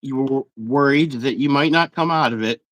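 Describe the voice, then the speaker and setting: A man's voice: medium pitch, moderate pace, fairly bright tone, no room sound. A man hosting a casual fishing interview, upbeat and loose with fillers. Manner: upbeat, reads stats with fillers. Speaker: interview host.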